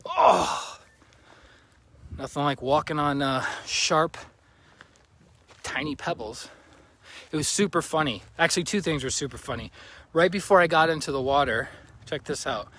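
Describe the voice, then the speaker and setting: Slightly high-voiced guy on a phone livestream by a lake, chatty and goofy, kinda out of breath. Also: moderate pace, pauses often, pushed and bright. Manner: chatty and jokey, greeting viewers by name. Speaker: vlogger livestreaming a road trip. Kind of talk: casual livestream chat. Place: outdoors by a lake. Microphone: handheld phone.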